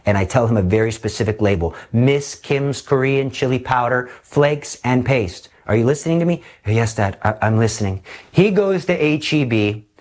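A man preaching a sermon, telling stories in an animated way and acting out the voices. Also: mid-range voice, normal speed, few pauses.

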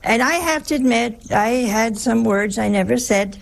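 A woman's voice: a little high, moderate pace, gravelly, heavy background noise. A woman who is a nun, giving a chatty sermon-style talk, telling stories and asking her listeners rhetorical questions.

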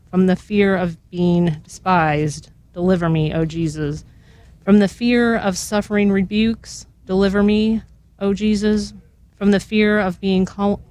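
A woman guest on a radio show, slowly and earnestly reading a long prayer aloud, her voice at times catching with emotion. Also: on the low side, darkish tone, no room sound. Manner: slow, earnest recitation.

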